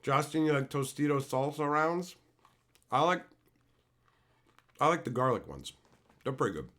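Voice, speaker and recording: A young man from Canada, a streamer reading his live chat and ranting in loud, profane, mock-outraged bursts. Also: medium pitch, lively intonation, moderate pace. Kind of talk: casual rant to live chat.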